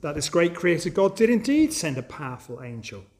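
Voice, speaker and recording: A man delivers an Easter sermon in a church service, his voice sitting high for a man. He speaks earnestly and with emphasis, addressing the congregation directly. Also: very animated, fairly quick, a little mellow. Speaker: preacher.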